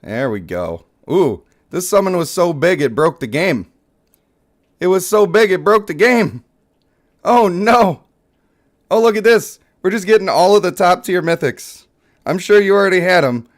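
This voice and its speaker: A young man with a high-sitting voice talks at a normal speed while hosting a live mobile game stream. He's playful and excitable, joking with chat and hyping up his pulls.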